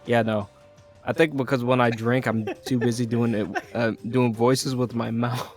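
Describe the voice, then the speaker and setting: A man's voice: mid-range voice, little pitch movement, normal speed, faint music behind. A man playing a tabletop roleplay with friends, chatting loosely and laughing often. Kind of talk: casual in-character chat.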